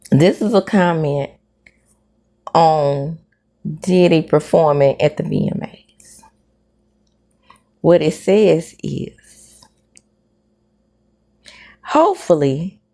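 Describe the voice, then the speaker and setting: A woman's voice: low-pitched, darkish tone. A middle-aged woman hosting a casual celebrity gossip commentary, sassy and emphatic, full of slang asides. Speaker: host of a celebrity gossip show.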